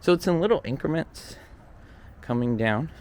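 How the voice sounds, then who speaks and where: A man's voice: on the high side, expressive, normal speed, darkish tone. A man casually narrating an outdoor walking tour of a hillside stairway, chatty and thinking aloud, a little out of breath from the climb, recorded on a handheld camera mic. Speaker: vlogger touring a location. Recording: faint outdoor ambient noise.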